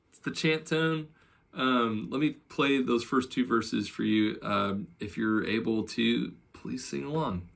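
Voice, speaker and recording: Slow, gravelly man teaching chant. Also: medium pitch, over loud music. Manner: unhurried, many filler ums and uhs, gentle encouraging teacher. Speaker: church music teacher. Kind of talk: teaching psalm chanting, speaking and singing examples.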